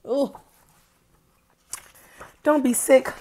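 A woman with a high voice reads a picture book to little listeners, taking her time over every line. She is playful and turns to the children with questions. It sounds like a relaxed bedtime storytime. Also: takes it slowly, pauses often. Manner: playful, addresses young listeners directly with questions.

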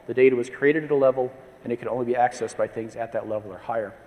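A man's voice: mid-range voice, fairly even intonation, very fast, darkish tone. A man in his fifties giving a conference presentation, telling anecdotes with wry asides. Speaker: conference speaker. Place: conference hall. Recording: long reverb of a large hall.

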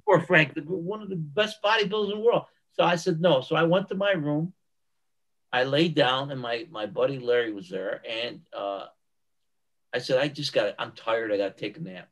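An older man, a guest on a podcast, telling stories in a casual interview. He is animated and emphatic, and he often repeats himself for effect. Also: medium pitch, moderate pace, muffled recording. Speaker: guest, retired bodybuilder. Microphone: podcast microphone.

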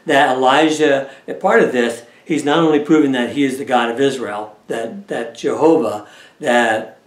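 A man's voice: medium pitch, normal speed. A man teaching a Bible study lesson in a conversational way, often checking in with his listeners. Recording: echoey room.

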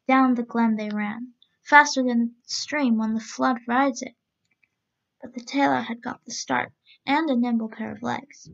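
A woman reading a storybook aloud as a storyteller, in a steady, even-paced read-aloud manner, on a dull lo-fi recording. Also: a little high, vocal fry.

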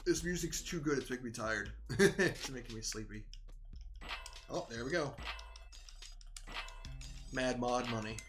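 A young man chatting loosely while he plays a game, drifting from thought to thought in a relaxed, sleepy way. His voice sits at an ordinary middle pitch. Soft game music plays faintly behind him. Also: measured pace, long pauses. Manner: rambling, relaxed, yawning, talks to himself while playing. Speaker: gaming video creator. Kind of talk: casual gameplay commentary. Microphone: desk microphone at home.

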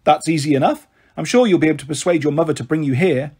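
A man's voice: on the high side, fast talker, a little mellow, breathy edge. A man voicing a proud, centuries-old female flower fairy in a storybook reading, with grand old-fashioned phrasing. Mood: gracious. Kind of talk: storybook read-aloud.

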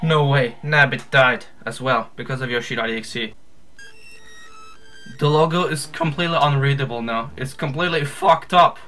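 Jumpy man yelling over game music. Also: mid-range voice, moderate pace, low-quality recording. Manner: jumpy, exclaiming and yelling at scares. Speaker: gamer playing a horror fan game. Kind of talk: let's play commentary.

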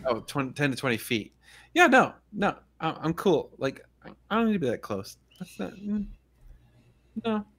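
A man's voice: on the high side, very animated, normal speed, a bit bright. A man hosting a casual livestream chat, talking in a laid-back, rambling way and laughing often. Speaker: podcast host.

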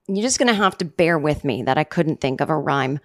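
A woman in her forties hosting a comedy podcast, talking in a rambling, sarcastic monologue full of restarts, jumping up in pitch for mock quotes. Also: expressive, a little fast. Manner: rambling, sarcastic, self-interrupting, with many restarts. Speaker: podcast host.

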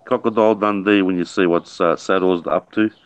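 A man's voice: deep voice, fairly even intonation, brisk, clean tone. Australian man, bantering and easygoing. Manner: easygoing, banters, says "mate". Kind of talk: casual live chat.

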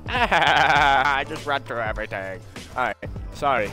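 A man's voice: mid-range voice, expressive, slow pace, pushed and bright, faint music behind. A man doing casual gameplay commentary, joking, swearing and talking to his audience as he plays. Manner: crude, joking, swears often. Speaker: gaming streamer.

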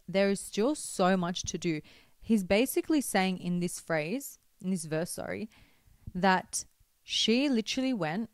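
A young woman talking to camera in a chatty, expressive way, giving faith-based advice with teasing asides to her viewers. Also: mid-range voice, no echo. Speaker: vlogger.

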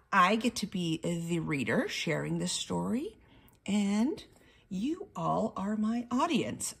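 Slow, breathy woman reading to kids. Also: medium pitch. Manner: slow, explaining, asks the class questions. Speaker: teacher reading aloud. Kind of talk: picture book read-aloud to children.

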